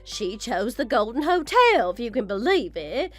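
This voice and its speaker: A woman's voice: on the high side, big pitch swings, moderate pace, soft background music. A woman voicing a vain, condescending mother-in-law in a scripted story drama. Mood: scornful. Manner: condescending, boastful, theatrical. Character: haughty vain older mother-in-law, scornful.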